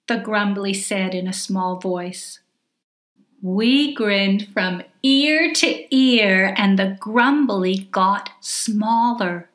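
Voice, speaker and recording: A woman reading her own picture book aloud for young children, slow and playful. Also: a little high, fairly bright tone, roomy sound. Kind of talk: storybook read-aloud for children.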